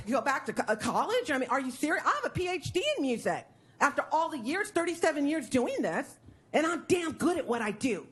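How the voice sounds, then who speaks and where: A woman's voice: high voice, fairly bright tone. An older woman, speaking with passion and indignation during public comment at a city board meeting. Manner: impassioned, indignant, emotional.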